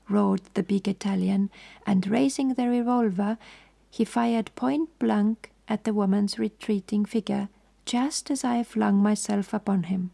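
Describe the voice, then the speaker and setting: A woman reading a sleep story in a whispered, slow, hushed voice. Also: medium pitch, fairly even intonation, vocal fry.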